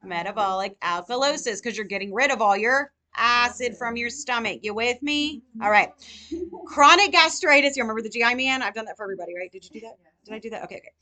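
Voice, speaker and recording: Bright-voiced woman quizzing a class. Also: on the high side. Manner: energetic, quizzing students with rapid questions. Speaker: nursing tutor. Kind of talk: live classroom lecture.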